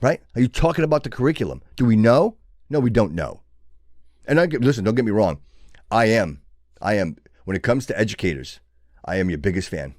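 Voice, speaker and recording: A man's voice: fairly low pitch, big pitch swings, brisk, darkish tone, dry recording, studio quality. A man hosting his own show, delivering an impassioned motivational monologue with a preachy tone and frequent restarts. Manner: preachy, builds to fervent exhortation with many restarts. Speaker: show host.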